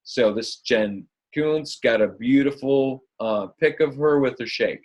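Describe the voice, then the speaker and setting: Male coach on a live video call: upbeat, chatty, a touch husky, talks to his team as guys. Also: mid-range voice, a little slow. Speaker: fitness business coach.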